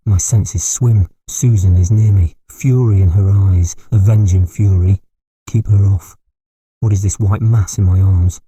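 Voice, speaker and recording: Guy voicing a dying squire raving in terror, dark rasp, dry close sound. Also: low-pitched, dry recording, full character voice. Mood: terrified. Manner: raving, frantic, terror-stricken. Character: delirious dying middle-aged country squire. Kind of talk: audiobook character voice.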